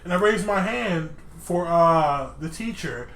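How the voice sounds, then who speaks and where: Young male co-host, high voice, chatty storyteller who giggles at himself, recorded in an echoey room. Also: expressive, a little slow, a bit bright, slight background noise. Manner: laughs through his own stories. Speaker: podcast co-host. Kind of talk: casual chat storytelling.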